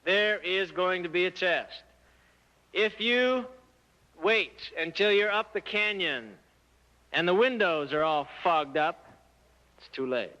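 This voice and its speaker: Man, church youth talk, animated storyteller, rhetorical questions, forceful voice, muffled lo-fi recording. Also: high-pitched, slow, long pauses. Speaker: church speaker addressing youth. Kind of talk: sermon-style talk to teens.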